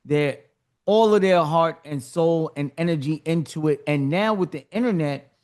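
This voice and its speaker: A man's voice: on the high side, normal speed, darkish tone. A man hosting a podcast, enthusiastic and loose, chatting informally with lots of filler words. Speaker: podcast host. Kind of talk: casual interview talk.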